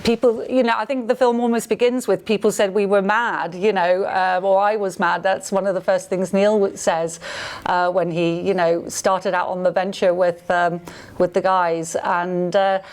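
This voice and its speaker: A woman representing a film festival, speaking in a casual radio studio interview with halting enthusiasm as she searches for words. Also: mid-range voice, flat delivery.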